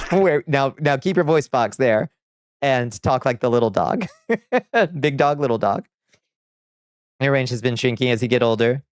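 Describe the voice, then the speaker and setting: A man chats easily with his livestream audience, laughing often as he reads out chat. His voice sits in a middle pitch and comes through smooth and resonant. The sound is close and dry, with no room around it. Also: dry recording. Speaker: streamer.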